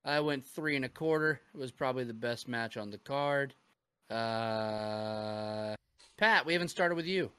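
A man hosting a casual chat, recapping with excitement and lots of swearing. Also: medium pitch, measured pace, smooth, no room sound. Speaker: podcast host.

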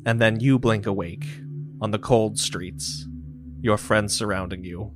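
A man running a tabletop game as game master, narrating scenes in a relaxed, descriptive way. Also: fairly low pitch, unhurried. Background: ambient music with singing bowl.

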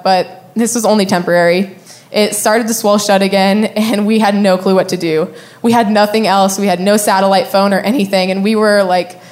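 A young adult woman casually telling a personal story, candid and profane, often laughing as she talks. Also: mid-range voice.

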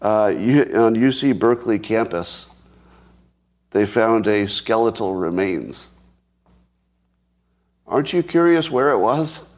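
A man's voice: lowish voice, animated, slow pace, pauses often. A man giving solo commentary on news headlines, sarcastic, with mock outrage, restarts and chuckles. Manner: thinks aloud with restarts, chuckles. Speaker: commentary host.

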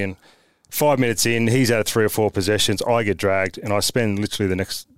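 An Australian man, a former footballer, telling blunt, animated stories as a podcast guest with mild swearing. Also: lowish voice, quick pace, smooth, dry recording. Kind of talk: casual storytelling chat.

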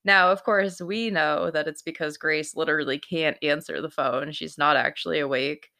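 A woman's voice: low voice, fairly even intonation, moderate pace, creaky, sharp tone. A young woman recapping a TV episode in casual chat, laughing often and saying "like" a lot.

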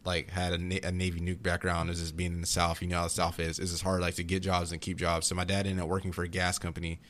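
A young man in casual chat, telling rambling, animated stories about growing up, with frequent restarts. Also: deep voice, fast, a little hiss or hum. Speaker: podcast guest.

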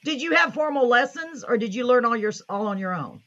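A woman's voice: a little high, expressive, brisk, a bit bright, dull audio. A woman hosting a live online show, gushing and enthusiastic as she chats with her guest and reads viewer comments aloud. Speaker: host.

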